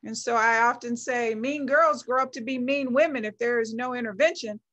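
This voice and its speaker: A woman's voice: on the high side, normal speed, a bit bright. A middle-aged woman talking as an interview guest, giving a passionate motivational talk and stressing her points by repeating phrases. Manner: emphatic, builds phrases by repetition. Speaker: guest, founder of a women's movement.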